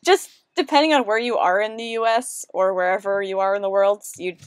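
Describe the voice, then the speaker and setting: A woman's voice: mid-range voice, a little fast, slight background noise. A woman with an American East Coast accent, chatting easily as a podcast guest and giggling often. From United States East Coast. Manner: giggly, easygoing. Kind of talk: casual chat.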